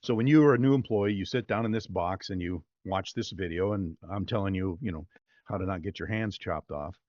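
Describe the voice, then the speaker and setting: A man with a fairly low voice chats with an easy, rambling enthusiasm, stacking up fillers as he goes. The sound is dry and a little dull, like remote call audio. He speaks as an interview guest. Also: a little fast, darkish tone, no echo. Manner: rambling, upbeat, lots of fillers. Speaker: voice-over artist guest. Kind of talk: casual interview talk.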